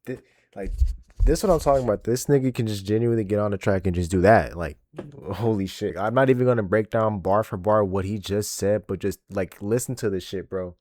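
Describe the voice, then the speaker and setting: A man in his twenties hosting a music reaction video, excitable and profane, often repeating himself. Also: fairly low pitch, brisk, dry recording, studio quality. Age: 20s. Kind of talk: casual reaction commentary. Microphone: desk microphone.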